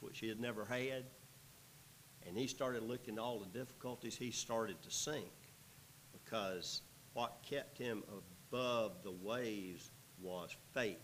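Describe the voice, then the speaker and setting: A man's voice: medium pitch, measured pace, slight background noise, low-quality recording. A man teaching a Bible passage verse by verse, reading the text aloud and breaking in with folksy, joking asides.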